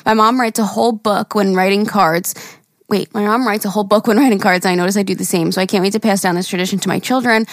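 An upbeat woman in her thirties co-hosting a podcast, chatting casually and reading listener emails aloud. She reacts warmly and laughs along with her partner. The sound is dry and close. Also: mid-range voice, steady tone, fast, no echo. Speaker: podcast co-host.

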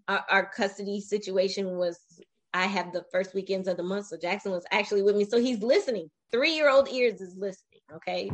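Guesting on a podcast, a woman in her forties recounts her life with lots of emotion and energy, frequently starting her thoughts over. Her voice sits at a medium pitch.

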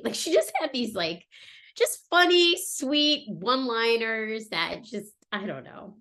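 A woman in her thirties talking casually and reflectively about her family, pausing often with fillers and restarts. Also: fairly high pitch, sing-song, a bit bright. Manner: halting, many fillers and restarts. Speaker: guest sharing a personal story.

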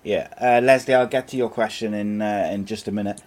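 A man's voice: on the low side, fairly even intonation, fairly quick, darkish tone. A man hosting a live football chat show, chatting with his co-host and reading out viewer questions.

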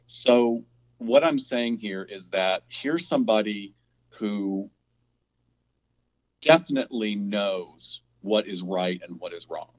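A low-voiced man co-hosting a casual podcast discussion, thinking out loud and often restarting his sentences. The recording sounds a little dull and lo-fi. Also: takes it slowly. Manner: thinking aloud, with frequent restarts. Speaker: podcast co-host.

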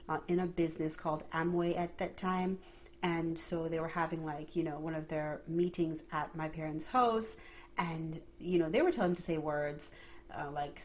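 A woman hosting a faith podcast, praying earnestly and then chatting in an animated way, often laughing. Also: lowish voice. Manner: prayerful, earnest. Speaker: podcast host. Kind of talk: unscripted faith podcast talk.

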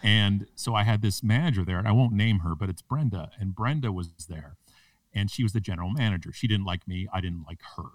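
A man's voice: on the low side, fairly quick, no echo, far from the mic. A man, a public speaker and podcast guest, tells a story with punchy, self-mocking comic timing. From Canada. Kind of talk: animated storytelling in a podcast interview.

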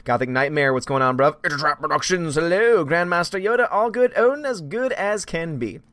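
A man's voice: on the high side, animated, fairly quick, fairly bright tone, dry recording. A man hosting a casual live stream, greeting viewers by name and reading their comments aloud.

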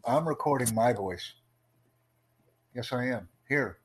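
A man with a mid-range voice talks in an even, smooth, promotional way as he runs a live-streamed chat. He stays calm and unbothered, almost salesman-like. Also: medium pitch, takes it slowly, a little hiss or hum, rough recording.

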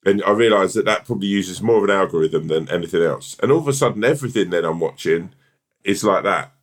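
A man's voice: low voice, fast talker. A man co-hosting a podcast in casual chat, rambling and swearing often with lots of restarts. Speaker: podcast co-host.

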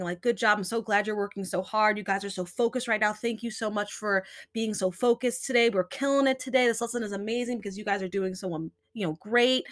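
A young adult woman hosting a podcast, giving earnest, chatty self-help talk full of "you know" and "right". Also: mid-range voice. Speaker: podcast host.

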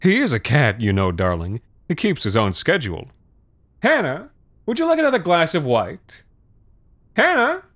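A man's voice: on the low side, sing-song, moderate pace, hardly any pauses, fairly bright tone, no echo. A man voicing a breezy, slightly tipsy suburban father who brushes off his daughter's worries in an airy, condescending way. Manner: airy, condescending, wine-soaked.

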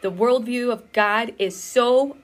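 Animated middle-aged woman retelling scripture. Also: on the high side, slow pace. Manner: animated storytelling, acts out quotes, laughs often. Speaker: co-host. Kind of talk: casual Bible study chat.

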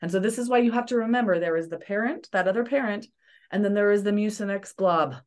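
A woman's voice: mid-range voice, fast talker. Therapist lady on a podcast, earnest and coachy, talks you through it. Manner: earnest, coaching, acts out examples. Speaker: therapist guest. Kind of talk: podcast interview advice.

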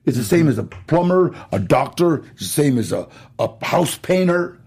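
A middle-aged man, an actor being interviewed, telling stories in a gravelly, husky voice, acting out quotes and laughing as he goes. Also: a little high, normal speed. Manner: animated storyteller, acts out quotes and laughs. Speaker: actor guest. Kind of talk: storytelling interview.

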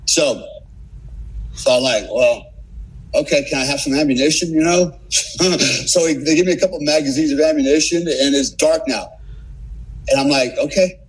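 A man in his sixties, a military veteran guest on a podcast, telling war stories in a casual, animated way and swearing freely. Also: a little high, normal speed, long pauses, slightly rough, low-quality recording. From United States. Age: 60s. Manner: profane, animated war-story teller. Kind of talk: casual storytelling.

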